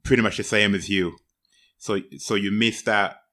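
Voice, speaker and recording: A man's voice: on the low side, steady tone, normal speed, sharp tone. A man hosting an interview, asking questions casually and laughing easily between loose phrases. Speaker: podcast interviewer.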